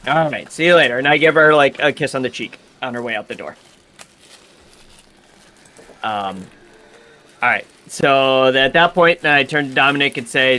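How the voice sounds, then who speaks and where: A man's voice: mid-range voice, normal speed, long pauses, pushed and bright. A man playing a tabletop game, talking in character and rambling with fillers and restarts. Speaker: player.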